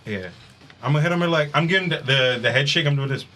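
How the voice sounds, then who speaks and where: Man, tabletop player, joking, rapid, animated, bright voice. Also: on the high side. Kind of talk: casual tabletop game chat.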